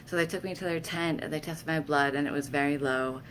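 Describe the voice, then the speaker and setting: A woman vlogger relates personal stories to camera in a casual, candid, self-deprecating manner, animated when repeating her own words. She has a deep voice, speaks a little fast, and there's slight background noise.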